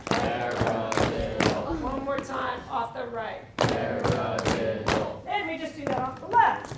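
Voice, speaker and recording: A woman's voice: high voice, expressive, moderate pace, gravelly, over a noisy crowd, very noisy. A woman teaching a live percussion clinic, chatty and quizzing the audience. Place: large echoey hall with audience. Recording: roomy live hall, distant mic, loud drumming.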